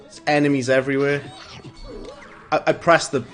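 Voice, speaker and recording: A man's voice: on the high side, little pitch movement, normal speed, fairly bright tone. A man giving casual, rambling gameplay commentary as a streamer, chuckling at his own jokes. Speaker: gaming streamer. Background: faint game music.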